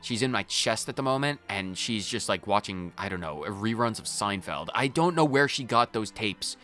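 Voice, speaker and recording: A man's voice: lowish voice, lively intonation, normal speed, pushed and bright, soft background music. A man hosting a game playthrough, commenting in character with a theatrical, wry manner. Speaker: gaming channel host. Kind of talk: role-played game commentary.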